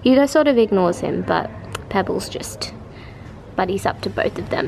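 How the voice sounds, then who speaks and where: A woman's voice: mid-range voice, animated, normal speed, creaky, a little mellow, slight background noise. A young woman chatting casually to camera in a bedroom, gushing and chatty. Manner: chatty and gushing, drops into baby talk with pets. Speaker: vlogger. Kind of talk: casual vlog chat. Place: bedroom at home.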